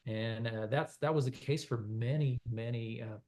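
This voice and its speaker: This man grew up in Quebec and speaks English as a second language after French. He is a country singer-songwriter talking casually as an interview guest. His speech is rambling and chatty, full of fillers and restarts, at a middle pitch. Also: moderate pace, warm tone. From Quebec, Canada.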